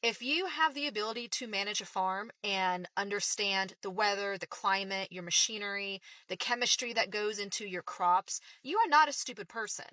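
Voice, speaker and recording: A woman's voice: medium pitch, normal speed, few pauses, bright, forceful tone, dry recording. A middle-aged woman from Oklahoma, a builder, ranting bluntly with profanity about politics. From Oklahoma, United States. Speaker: builder sharing opinions. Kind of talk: casual opinion rant to camera.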